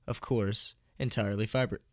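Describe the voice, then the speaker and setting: A man's voice: on the low side, steady tone, moderate pace, no echo. A man reading a horror story live on stream, tripping over words, laughing at his own mistakes and chatting with donors. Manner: stumbling, self-mocking, laughing at his own slips; chatty, thanks donors between passages. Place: at home.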